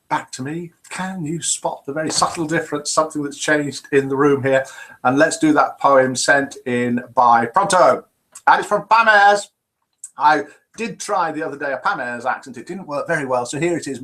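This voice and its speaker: A man with a British accent hosting a live web show from a small room, chatting casually and reading out viewers' names. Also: medium pitch. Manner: chatty, relaxed, reads out viewers' names and comments. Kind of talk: casual live-stream presenting. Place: small home studio room. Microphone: webcam live broadcast.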